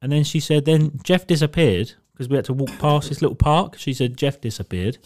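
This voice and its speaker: A man's voice: on the high side, a little fast, darkish tone. Sweary man telling a story. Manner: rambling and sweary, laughing through his own story. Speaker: podcast co-host. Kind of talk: casual storytelling chat.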